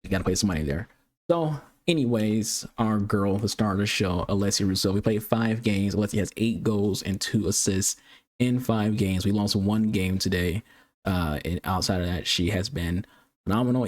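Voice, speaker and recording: A man streaming a soccer video game, trash-talking opponents and rambling through casual commentary with fillers and restarts. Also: lowish voice. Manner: trash-talking, taunting, swearing. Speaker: gaming streamer. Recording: loud game music behind the voice.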